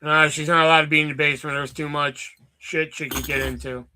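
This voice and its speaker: A man's voice: a little high, little pitch movement, a little fast, bright, forceful tone, slight background noise. A man chatting casually from his basement at home, rambling and joking with plenty of swearing. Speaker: streamer. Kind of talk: casual chat.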